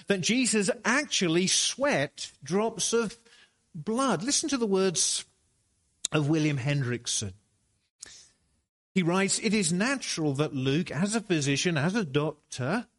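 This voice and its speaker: Slow, deliberate male preacher. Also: fairly high pitch. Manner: slow, deliberate preaching with rising emphatic peaks. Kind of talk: sermon.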